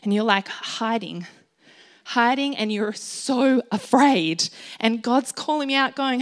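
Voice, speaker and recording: A woman's voice: on the high side, expressive, moderate pace. A woman giving an informal, encouraging sermon to a gathered group, chatty and full of ums and light laughs. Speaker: speaker sharing a Bible message.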